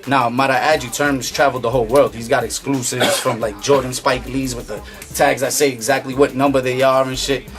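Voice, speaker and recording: A man's voice: medium pitch, brisk, faint music behind. A man casually telling a story in streetwise slang, acting out what people said. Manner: animated, streetwise slang, acts out quotes.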